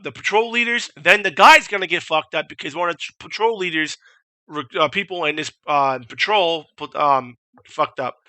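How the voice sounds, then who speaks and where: A young man tells a rambling, profane story with lots of energy. His voice is slightly high and sharply bright. The sound is dry and close, and he breaks into loud impressions of shouted orders. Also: no room sound. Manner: profane, animated, imitates drill instructors shouting. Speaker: vlogger. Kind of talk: casual storytelling.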